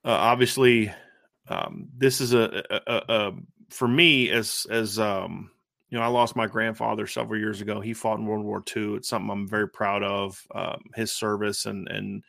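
A man's voice: on the low side, steady tone, normal speed, vocal fry, a bit bright, no echo, studio quality. A man in his thirties co-hosting a casual football podcast, talking emphatically and repeating his points. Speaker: co-host of a college football show.

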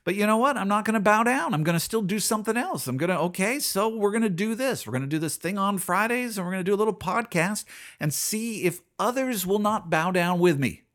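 Middle-aged male podcast host, slightly higher voice, earnest and searching, restarts and repeats lines. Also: expressive, a little fast, a bit bright. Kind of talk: personal faith reflection.

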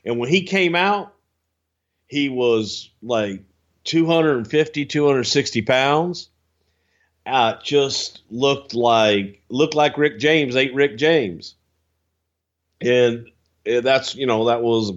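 A man on a casual podcast, animated and swearing freely as he tells a story and slips into quick impressions. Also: dull audio. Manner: animated, swears freely, jumps into high-pitched impressions and singing. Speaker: podcast co-host telling stories.

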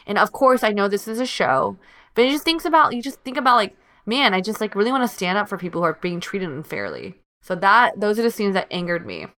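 A woman's voice: mid-range voice, big pitch swings, brisk, pushed and bright. A woman reviewing a TV drama in casual, heartfelt chat, full of filler words and restarts.

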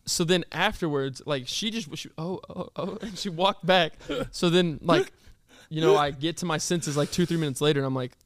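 Young male podcast host, fairly high voice, dry close mic, lively chatty storyteller. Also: moderate pace, hardly any pauses, no room sound. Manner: animated storytelling, laughs often. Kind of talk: casual chat.

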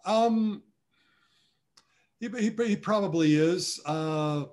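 A man's voice: sits high, drawn-out words, a little mellow. A middle-aged man, a former football long snapper, answering interview questions in a rambling, self-deprecating way with many restarts. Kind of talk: conversational storytelling interview.

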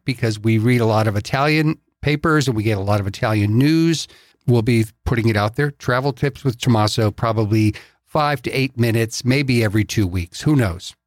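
A man's voice: medium pitch, normal speed, no room sound, studio quality. A man co-hosting a casual travel podcast, joking and laid-back. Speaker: podcast co-host.

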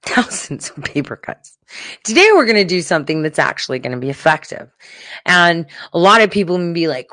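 A woman's voice: medium pitch, big pitch swings, normal speed, no room sound. A woman talking straight to her viewers, heated and emphatic, swearing freely as she rants. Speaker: political commentator. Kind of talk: casual profane rant to viewers.

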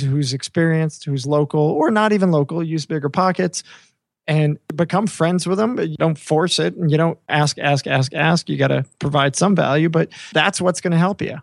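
A man co-hosting a podcast, making his points with emphasis and repeating words to drive them home. His voice sits a bit high. The recording is close and dry. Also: no echo. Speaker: podcast co-host. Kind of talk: casual podcast interview.

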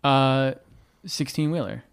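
A young man guest on a podcast, telling rambling stories in a relaxed, casual chat. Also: mid-range voice, takes it slowly, gravelly, clean tone.

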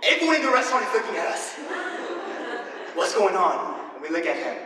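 A young man preaching a sermon full of personal stories, energetic and animated, laughing often. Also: high voice, fairly quick, a crowd in the background. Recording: echoey hall with faint ambience.

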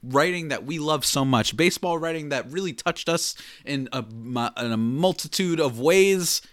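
Male podcast host, bright and energetic, dry studio sound, casual sports chat. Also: on the high side, normal speed, no echo. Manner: upbeat, hyped intro with big swoops.

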